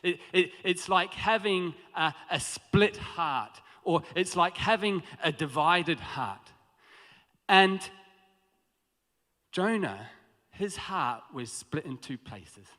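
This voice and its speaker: Male preacher, fairly high and bright, conversational sermon, large reverberant church. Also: takes it slowly. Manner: lively, conversational preaching with stammered restarts. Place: church hall. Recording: long hall reverb.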